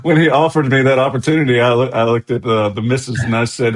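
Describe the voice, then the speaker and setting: A man's voice: medium pitch, fairly even intonation, fast. American male guest, mid-range voice, chatty anecdotal storyteller. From USA. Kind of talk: casual interview storytelling.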